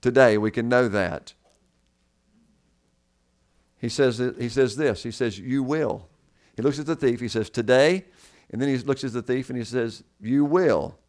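A man's voice: mid-range voice, moderate pace, pauses often, a little mellow. Earnest male pastor repeating for emphasis. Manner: earnest preaching, repeats key words for emphasis. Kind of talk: sermon.

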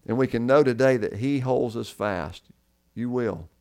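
A man's voice: medium pitch, moderate pace, a little mellow. A man preaching a sermon as pastor, earnest and repeating key words for emphasis.

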